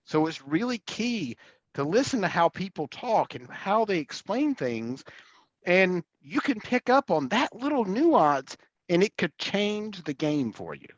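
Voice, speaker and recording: An enthusiastic man hosts the talk in a somewhat high voice whose pitch swings lively up and down. He stumbles and restarts as he jumps in eagerly. His audio is muffled and lo-fi. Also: unhurried, no room sound. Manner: enthusiastic, many fillers and restarts. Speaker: host and sales coach. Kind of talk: casual interview conversation.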